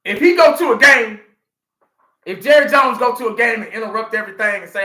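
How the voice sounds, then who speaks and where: A man's voice: high-pitched, fairly quick, bright, forceful tone, reverberant. A man in his forties, a sports fan vlogger ranting through a live reaction, swearing freely and repeating himself for emphasis.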